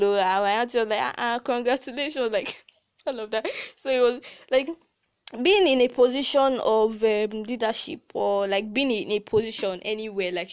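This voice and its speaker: A woman's voice: on the high side, clean tone. A teenage girl with a Nigerian accent hosts her own podcast in a loose, casual chat. She talks in a chatty, heartfelt way, leaning on "like" and "um" as she goes. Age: teens. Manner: chatty and emotional, frequent "like" fillers and laughs. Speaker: podcast host.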